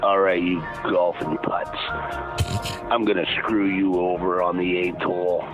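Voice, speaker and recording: A male caller voicing a mocking talking golf ball with a gruff, taunting manner, on a voicemail message. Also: low-pitched, little pitch movement, a little slow, dull audio, over music.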